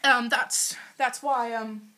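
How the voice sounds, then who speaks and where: A teenage girl puts on a British accent for a school video, speaking slowly with a bright, somewhat high voice. She hesitates constantly with ums and keeps a playful tone. She records into her iPad in her bedroom. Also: steady tone. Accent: put-on British. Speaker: student. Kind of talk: homemade school project video. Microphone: iPad built-in mic.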